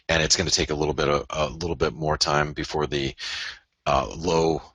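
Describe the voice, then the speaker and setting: A man's voice: extremely low pitch, bright, forceful tone, husky, dry recording. A man hosting a live trading webinar, talking loosely and directly to viewers, with plenty of fillers. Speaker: forex webinar host. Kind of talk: casual live market analysis.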